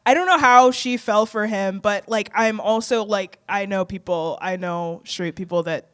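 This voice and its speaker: A man's voice: high-pitched, moderate pace, clear, resonant tone. A man chatting as a podcast guest, laughing often and relishing film quotes. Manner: giggly, animated, quotes film lines with relish. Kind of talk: casual chat.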